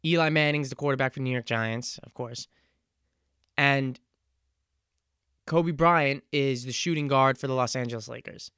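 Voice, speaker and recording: A man in his twenties talks through a casual solo podcast monologue in an earnest, reflective way, often pausing and restarting his thoughts. His voice is smooth and resonant at an ordinary pitch. The sound is dry, with no room echo. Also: pushed and bright. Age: 20s. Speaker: podcast host.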